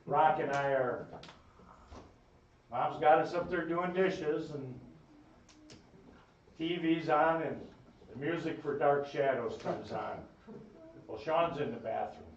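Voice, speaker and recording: A man gives a eulogy in a folksy, rambling storytelling manner, his pitch mid-range. He is heard from a distance in a reverberant funeral home chapel. The sound is dull, with faint noise behind it. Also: slow pace, pauses often. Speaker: eulogist, brother of the deceased. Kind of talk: funeral eulogy with family stories. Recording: echoey room, distant mic, dull sound.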